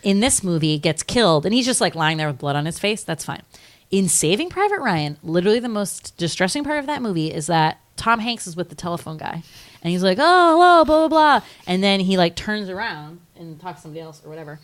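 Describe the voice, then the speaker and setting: A woman's voice: lowish voice, animated, fast. A young woman co-hosting a podcast, rambling through a film discussion with lots of "like" and casual swearing. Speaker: podcast co-host.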